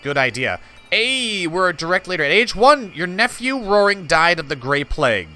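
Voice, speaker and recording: A man's voice: high voice, very animated, moderate pace, pushed and bright. A man giving casual commentary on a strategy game, chatty, talking to his viewers and laughing easily. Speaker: gameplay host.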